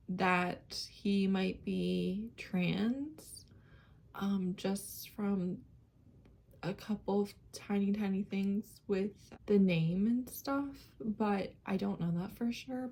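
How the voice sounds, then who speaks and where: Woman chatting about books in a vlog, slow easy talk, laughs a lot and gets teary. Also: mid-range voice, darkish tone. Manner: chatty, laughs often, tearful when moved. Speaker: book vlogger. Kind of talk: casual reading vlog.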